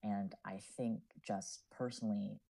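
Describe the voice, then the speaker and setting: A man's voice: lowish voice, steady tone, unhurried, creaky, dark tone, poor audio. A man in his twenties, a student writer and podcast guest, talking in an earnest, reflective way with many fillers. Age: 20s. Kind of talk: casual podcast chat.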